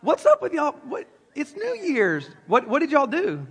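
A man's voice: very high-pitched, huge pitch swings, a little slow, a bit bright, in a large hall. A man preaching a sermon, joking with the congregation and talking straight to them. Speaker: pastor. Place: church sanctuary.

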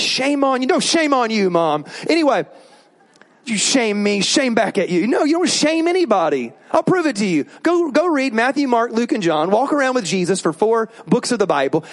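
A male pastor giving a sermon in an animated, joking way, prompting the congregation to repeat words back. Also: very high-pitched, normal speed.

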